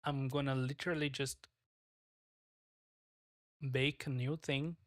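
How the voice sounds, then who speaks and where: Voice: mid-range voice, steady tone, takes it slowly, no room sound, clean studio sound. A streamer talking casually on a live stream while working, frustrated, swearing a lot and muttering to themselves.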